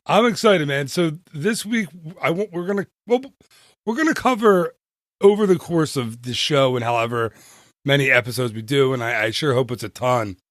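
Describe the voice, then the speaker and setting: A man co-hosting a podcast in casual chat, excitable, laughing often and reeling off numbers. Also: mid-range voice, moderate pace, no echo, studio quality. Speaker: podcast co-host.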